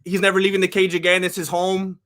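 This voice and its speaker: A very high-pitched man streams a live fight reaction, his voice bright and sharp as he rants and shouts. Between outbursts he stops to thank new followers by name. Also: fast. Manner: animated, ranting, often shouting.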